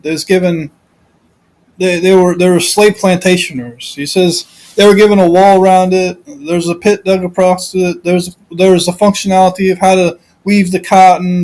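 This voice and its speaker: A man's voice: high voice, darkish tone, low-quality recording. A man telling a Bible story in an informal sermon, rambling with many restarts. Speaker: Bible teacher.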